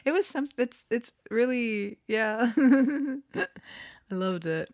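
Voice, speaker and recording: A woman's voice: fairly high pitch, animated, slow, a little mellow, dry recording, studio quality. A woman telling a rambling personal story in a casual monologue, giggling often and restarting her sentences with many fillers. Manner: self-conscious, embarrassed. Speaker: channeler and storyteller.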